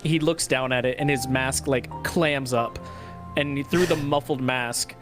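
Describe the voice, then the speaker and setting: A game master narrating a tabletop game in a halting, hesitant way. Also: medium pitch, steady tone, music in the background.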